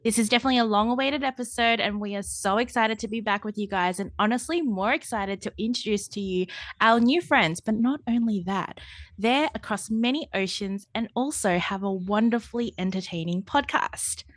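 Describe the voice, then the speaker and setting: A woman's voice: on the high side, a little fast, no room sound. Upbeat woman, dry close sound. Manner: upbeat, welcoming. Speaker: podcast co-host. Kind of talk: podcast chat.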